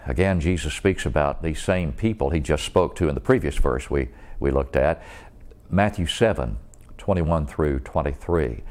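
A man preaching an evangelistic sermon, earnest and deliberate, pleading with his listeners through direct questions. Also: extremely low pitch, darkish tone.

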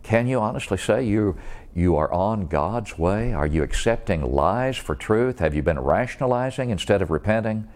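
A man with a low, deep voice delivers an evangelistic sermon. His preaching is earnest and deliberate, and he presses his listeners with searching questions. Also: expressive, darkish tone.

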